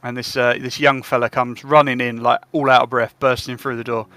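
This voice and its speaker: A man's voice: mid-range voice, little pitch movement, fairly quick, hardly any pauses, pushed and bright, dry recording. A man narrating as game master of a tabletop game, hesitating with many fillers.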